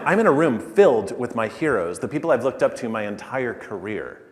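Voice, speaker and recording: A man giving a conference keynote, telling a story in an animated way that builds to loud peaks. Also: mid-range voice. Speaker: keynote speaker. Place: large conference hall. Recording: echoey hall, speaker a little far.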